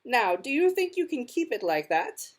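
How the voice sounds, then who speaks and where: A woman's voice: on the high side, big pitch swings, normal speed, voice pushed up. Brief: woman playing patient storybook parents, sweet and lilting. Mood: pleading. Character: calm, coaxing parents of a loud child.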